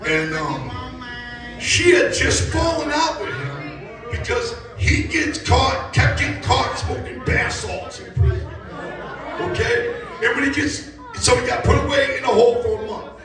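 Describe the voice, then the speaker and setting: High-voiced man telling a profane story on stage. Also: unhurried, music in the background. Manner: animated and laughing, swears a lot, shouts punchlines. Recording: echoey live venue from far off with loud crowd.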